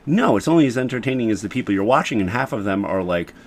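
A man, a podcast co-host, chatting casually in an animated, laughing, rambling way. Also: lowish voice, quick pace. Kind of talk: casual chat.

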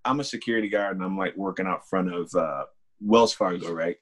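A man's voice: sits low, a little fast, slightly rough. A young man, a security guard and author, telling a story casually in an interview and livening up when he quotes people. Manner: relaxed, animated when quoting people.

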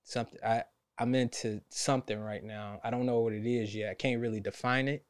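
A young man, a podcast host telling a story in casual chat, animated and laughing often. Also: medium pitch, fairly quick, clean tone. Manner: animated, laughs a lot, acts out quotes.

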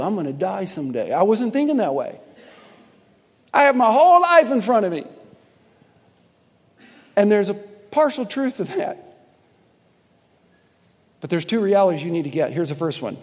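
A man preaching a sermon as pastor, emphatic and repetitive, calling on the congregation to respond. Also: high voice. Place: church sanctuary. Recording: long hall reverb.

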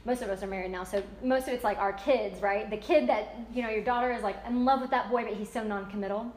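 A woman leading a casual group talk about a book, chatty and animated, often acting out quoted voices. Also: mid-range voice, fast, roomy sound, poor audio. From United States. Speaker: book discussion leader.

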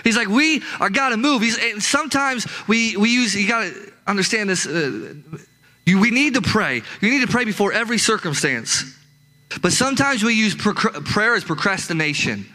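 A male pastor delivering a sermon with an emphatic, repetitive drive. His voice sits high for a man and rings bright and forward. He keeps pressing the same questions again and again. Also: very animated, moderate pace, low-quality recording. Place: church with a live congregation.

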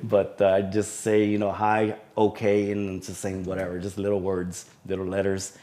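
A man being interviewed as a sheriff's deputy guest, telling a personal story in a halting way with many fillers. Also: deep voice, completely flat delivery, dark tone. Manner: halting recounting with frequent fillers.

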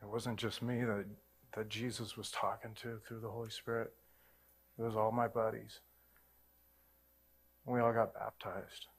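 A man's voice: fairly low pitch, flat delivery, a little slow, pauses often, breathy edge. A man preaching a sermon, telling his own faith story in a casual, earnest way. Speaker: pastor. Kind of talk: sermon testimony.

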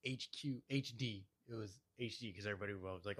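Blunt, teasing young podcast co-host. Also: male voice, on the low side, a little fast, fairly bright tone, slightly rough. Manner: blunt, teasing, swears a lot. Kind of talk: casual chat.

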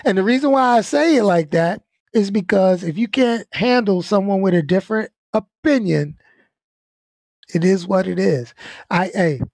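Dude with a higher voice just venting to his viewers, blunt and easygoing, stumbles over words, dry close mic. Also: a little mellow, no room sound. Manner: laid-back, blunt, repeats himself, laughs often. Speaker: channel host. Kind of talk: casual venting talk.

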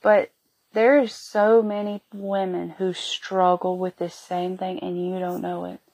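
A woman in her thirties telling a personal story on her podcast in an emotional, halting way, feeling sick and worn. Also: fairly low pitch, flat delivery, a little mellow, slightly rough. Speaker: podcast host.

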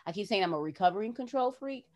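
A woman's voice: medium pitch, animated, quick pace, heavy background noise. A woman hosting a podcast, talking in a casual heart-to-heart way and acting out her own past words expressively. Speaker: podcast host.

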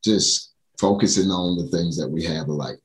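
A man's voice: low voice, moderate pace. A man chatting casually, explaining his views thoughtfully with down-to-earth examples. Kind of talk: casual chat. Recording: roomy echo.

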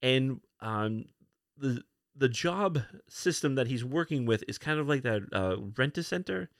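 A man hosting a podcast alone, casually retelling comic book issues, with many fillers and quick put-on lines for the characters. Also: mid-range voice, expressive, fairly bright tone, no room sound, clean studio sound. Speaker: podcast host.

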